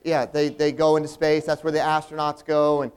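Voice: mid-range voice, completely flat delivery, fairly quick, a little mellow, clear, resonant tone. A performer playing the earnest straight man in a comedy routine, patiently explaining things with stammering restarts.

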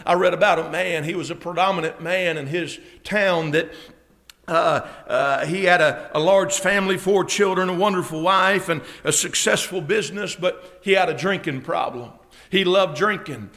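A man preaching a sermon at a Bible conference, telling a story and building to emphatic shouts with frequent amens. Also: sits high, normal speed. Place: church conference hall.

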